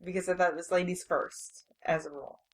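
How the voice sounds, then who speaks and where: A woman's voice: lowish voice, fairly even intonation, fast, rough recording. A young adult woman co-hosting a casual movie review podcast, blunt and exasperated, cracking jokes. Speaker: podcast co-host.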